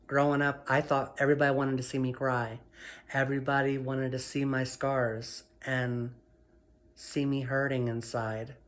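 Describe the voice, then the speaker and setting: A woman sharing her personal story in a vlog, emotional and heartfelt, speaking softly and affirming herself again and again. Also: extremely low pitch. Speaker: vlogger.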